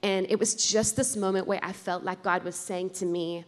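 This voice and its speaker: A woman's voice: on the low side, fairly even intonation, normal speed, hardly any pauses. A woman sharing a heartfelt testimony at a conference. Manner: earnest, heartfelt. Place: large conference hall. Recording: reverberant hall.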